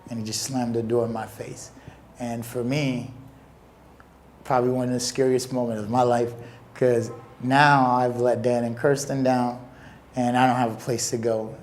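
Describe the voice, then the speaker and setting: A man's voice: mid-range voice, a little mellow, a little hiss or hum. Earnest young man recounting a hard memory. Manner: earnest, emotional recounting with pauses. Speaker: interviewee. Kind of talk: personal storytelling.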